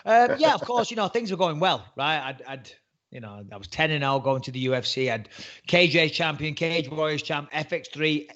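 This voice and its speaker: A man's voice: on the high side, animated, normal speed, a bit bright. A man in his forties with a Northern English accent, telling his story as an interview guest in a chatty, jokey way. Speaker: interview guest, former fighter turned commentator. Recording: muffled lo-fi audio.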